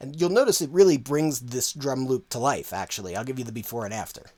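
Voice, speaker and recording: A man teaching audio mixing in a relaxed, conversational way, full of casual fillers. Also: medium pitch, fast, very noisy. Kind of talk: casual tutorial walkthrough.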